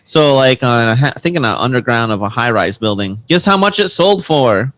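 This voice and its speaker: A man's voice: mid-range voice, expressive, fairly quick, fairly bright tone. A man co-hosting a comedy podcast, reading odd news stories aloud and joking with friends, laughing and tripping over words. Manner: jokey, laughs often, stumbles over words. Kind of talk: casual banter.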